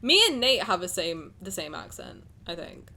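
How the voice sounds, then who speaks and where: A woman's voice: on the low side, big pitch swings, normal speed, sharp tone. A young woman from England with a southern English accent and a slight transatlantic lilt, chatting casually with her live stream chat in a rambling way. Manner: rambling, chatty, lots of "like" fillers.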